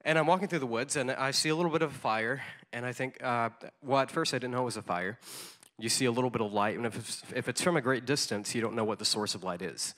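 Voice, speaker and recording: Bright-voiced man telling a sermon story. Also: medium pitch, fast talker. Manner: conversational, with frequent ums and repeated words. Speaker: conference speaker.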